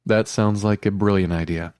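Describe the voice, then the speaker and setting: Brief: male narrator with a very low voice for a romance audiobook, intimate and measured, dry close-mic studio read. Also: steady tone, darkish tone, no echo.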